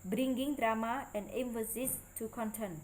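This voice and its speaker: With slight background noise and poor audio, a student with a fairly high, slightly mellow voice reads her presentation as a lecture. She speaks carefully and haltingly, and her grammar isn't native.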